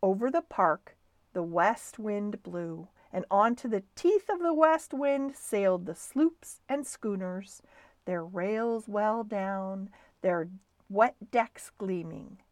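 A woman reads a children's storybook aloud with a lively, rising and falling voice at a middle pitch. Her delivery is expressive and varied. The recording is dry and close, with no echo. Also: slow.

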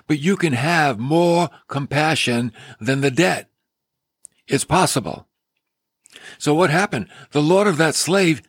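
A man preaching a sermon, retelling a parable with animated storytelling and acting out the characters. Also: a little high, breathy edge, no echo.

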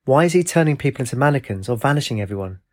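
A man's voice: medium pitch, lively intonation, racing, natural voice. A man reading the lines of a blunt young woman student in a storybook. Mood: puzzled.

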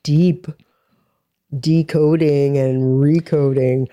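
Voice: medium pitch, steady tone, extremely slow, mellow, highs cut off. An interviewer asking thoughtful, searching questions in a podcast conversation.

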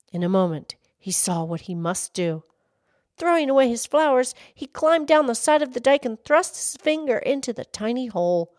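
A woman reading a children's story aloud in an expressive, gently dramatic way. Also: on the high side, no echo, clean studio sound.

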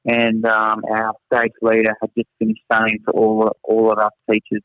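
A man's voice: fairly low pitch, monotone, moderate pace, few pauses, dry recording. Rambling man telling stories. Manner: chatty, rambling storyteller who laughs at himself. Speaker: teacher, guest. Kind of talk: casual chat, anecdotes. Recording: slightly dull lo-fi sound.

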